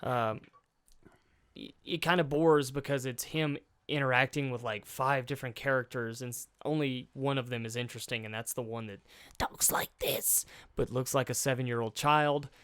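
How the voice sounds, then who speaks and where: A man's voice: mid-range voice, fairly even intonation, moderate pace, fairly bright tone, smooth. A man hosting a podcast in casual chat, rambling and joking, swearing and laughing often. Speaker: podcast host.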